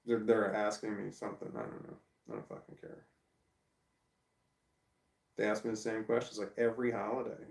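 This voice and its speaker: A man's voice: on the low side, creaky, darkish tone. A middle-aged man venting bluntly and profanely in a personal video rant, repeating himself as he goes. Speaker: vlogger. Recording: echoey room, distant from mic.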